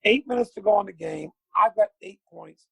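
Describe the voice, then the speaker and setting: A middle-aged man, a former basketball player, telling a long anecdote with lively acted-out quotes. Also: high-pitched, normal speed, vocal fry, breathy edge, no echo, low-quality recording. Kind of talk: animated storytelling.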